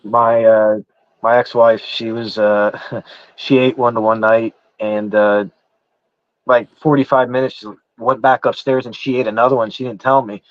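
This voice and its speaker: At a measured pace and with little movement in his medium pitch, a man with an East Coast accent spins a lengthy, casual story. He swears a great deal and keeps restarting with "I said," wandering as he goes. The recording is dry, dull, muffled and lo-fi.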